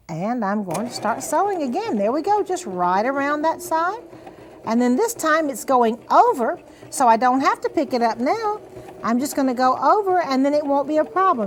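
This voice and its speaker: A woman's voice: a little high, a little hiss or hum. An older woman hosting a sewing show, demonstrating steps in a folksy, encouraging way. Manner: chatty, folksy, encouraging, says "honey" and "now then".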